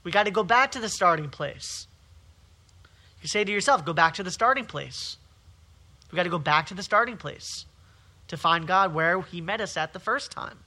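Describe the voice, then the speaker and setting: A man with a high voice preaches with hammering repetition. His tone is piercingly bright and tense. He drives each point home in waves of emphasis. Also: expressive, normal speed. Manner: emphatic, repetitive preaching with rising and falling intensity. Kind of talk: sermon.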